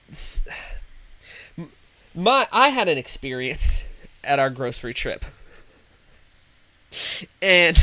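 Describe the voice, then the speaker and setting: Bright, eager male podcast co-host. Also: a little high, dry recording. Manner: enthusiastic, joking, animated. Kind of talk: casual podcast chat.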